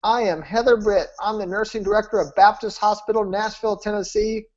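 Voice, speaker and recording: A stubborn, skeptical woman nurse who refuses to be convinced, quoted by a man in his own voice. She sounds flat and dismissive. The audio is dull and lo-fi. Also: high voice, brisk, lightly acted.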